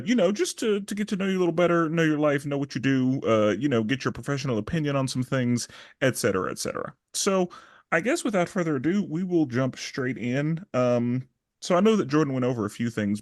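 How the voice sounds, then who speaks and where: A man's voice: mid-range voice, no room sound, studio quality. A man hosting a podcast, chatting casually with playful, showman-like build-ups. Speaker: podcast host.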